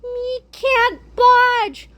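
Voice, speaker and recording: A woman's voice: very high-pitched, level tone, drawn-out words, a bit bright, pitched above the performer's own voice, exaggerated voice. A woman voicing an eager little superhero baby boy who talks in baby talk, saying "me" for "I". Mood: strained.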